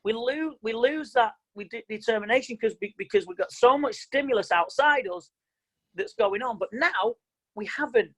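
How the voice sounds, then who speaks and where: A man's voice: extremely high pitch, lively intonation, moderate pace, a bit bright, low-quality recording. Male mind coach, online seminar, emphatic, repetitive, plain-spoken, video call.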